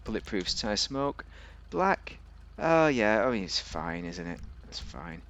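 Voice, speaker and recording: A man's voice: fairly low pitch, big pitch swings, takes it slowly, a bit bright, lo-fi sound, a little hiss or hum. A man giving a casual, rambling, jokey commentary while reviewing a car in a video game.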